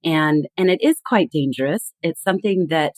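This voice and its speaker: A woman guest on a podcast, explaining with animated emphasis in a conversational tone. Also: sits low, moderate pace, dry recording. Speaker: guest expert.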